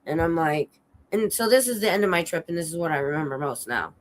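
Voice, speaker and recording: Hoarse sick lady ranting about a trip on her stream, animated, acts out what people said. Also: low voice, fast talker, rough recording. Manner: animated storytelling, swearing, acting out quotes. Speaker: streamer telling a travel story. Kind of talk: casual chat. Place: home streaming setup.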